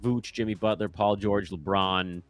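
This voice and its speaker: A man's voice: fairly low pitch, steady tone, normal speed, no room sound, soft background music. A man in his thirties hosting casual commentary into a microphone, offhand and self-deprecating. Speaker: host.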